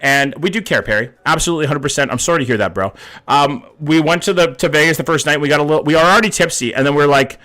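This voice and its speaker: A man's voice: on the high side, fast, sharp tone. A young man in his twenties from Canada, casually chatting with his livestream viewers, greeting them by name and swearing offhandedly. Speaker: streamer reading chat.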